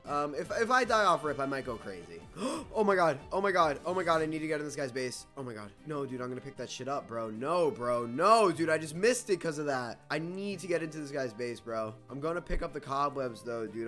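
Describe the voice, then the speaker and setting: Young man, gameplay commentary, bright tense voice, excitable, swearing, faint music behind. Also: medium pitch, brisk. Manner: excitable, swears, repeats pleading words. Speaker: gaming YouTuber.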